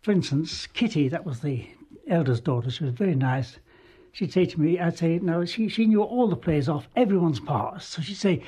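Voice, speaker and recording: A man's voice: a little high, expressive, a little fast, mellow, slightly rough. An older man, a former travelling actor, recalling his stage days in an amused, rambling way. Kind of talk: anecdotal reminiscence.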